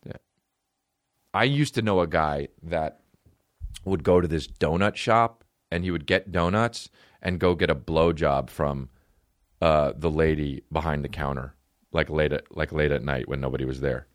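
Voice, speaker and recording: A man's voice: rumbling low, normal speed, no room sound, studio quality. A young man co-hosting a casual comedy podcast, reading personal ads aloud and mocking them in a crude, incredulous way. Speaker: podcast co-host.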